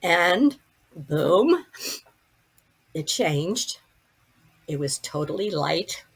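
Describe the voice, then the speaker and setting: An older woman with a husky, slightly breathy voice recounts a personal experience as a podcast guest. She tells it vividly, often stopping and restarting her sentences. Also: lowish voice, extremely slow. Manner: vivid, animated retelling with many restarts. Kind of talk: personal storytelling.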